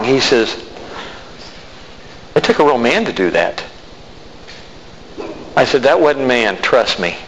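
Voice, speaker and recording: A man's voice: mid-range voice, fairly bright tone. A man preaching a sermon and telling a personal testimony, acting out both sides of the conversations he recalls. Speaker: pastor. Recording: reverberant hall with faint noise.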